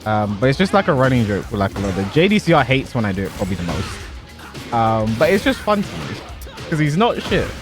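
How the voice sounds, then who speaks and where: A young man chatting casually about a fighting game while he plays, animated and given to exaggeration, laughing at himself now and then. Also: medium pitch, brisk, music in the background. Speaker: pro fighting game player and content creator. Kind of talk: casual commentary over gameplay.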